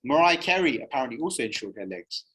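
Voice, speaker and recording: A man's voice: mid-range voice, very animated, fast, sharp tone, slight background noise, low-quality recording. A man leading a spiritual discussion session in a casual, conversational way, with many fillers and frequent questions to his audience in the room and online. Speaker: spiritual society session leader.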